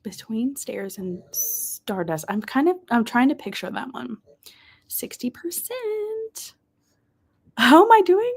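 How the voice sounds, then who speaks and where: A bubbly woman chats at a desk mic as she hosts a live reading stream, her voice swinging widely between high and low. She laughs easily, speaks warmly to viewers, and now and then slips into a soft whisper. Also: sing-song, takes it slowly, husky. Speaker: livestream host of reading sprints. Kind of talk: casual livestream chat, reading chat messages aloud.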